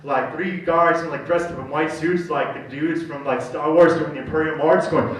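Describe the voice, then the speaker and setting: A young man doing stand-up, telling a rambling, slangy story and loudly acting out the people in it. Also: on the high side, moderate pace. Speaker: stand-up comedian. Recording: echoey room from far off.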